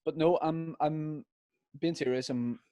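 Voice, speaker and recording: A young man bantering on a podcast with jokey, deadpan humour. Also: fairly high pitch, unhurried, dry recording. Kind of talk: casual chat.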